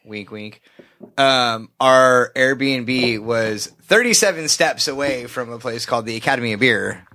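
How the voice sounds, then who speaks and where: A man's voice: medium pitch, a little slow, bright, forceful tone. A man co-hosting a podcast, telling a story loosely with plenty of swearing. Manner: loose and profane, quotes himself in raised voice. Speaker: podcast co-host. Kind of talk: casual chat, telling a story.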